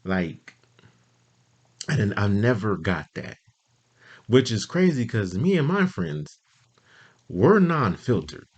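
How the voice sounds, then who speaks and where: A man's voice: very animated, slow pace, pauses often, darkish tone, breathy edge. A man telling stories about his friends in a loose, profane, casual monologue, full of "like" fillers and bursts of energy. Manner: jumps much higher when quoting friends.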